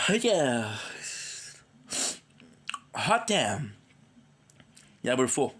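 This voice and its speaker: A man's voice: medium pitch, expressive, moderate pace, a little hiss or hum. A man streaming games live, chatting in a rambling, playful way with his viewers, tired and coming down with a cold. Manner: rambling and playful, drops in foreign words; chats with viewers by name. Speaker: gaming streamer. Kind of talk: casual livestream chat.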